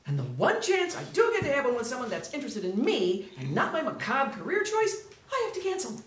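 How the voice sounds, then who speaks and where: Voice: mid-range voice, sing-song, fairly quick, fairly bright tone. A performer playing an exasperated, sarcastic bridge patrol officer who sighs and rants. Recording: echoey room.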